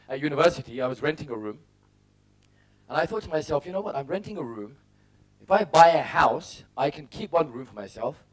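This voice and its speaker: A middle-aged man giving a motivational talk, telling personal stories and acting out his own thoughts in short punchy bursts. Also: a little high. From England. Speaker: motivational speaker.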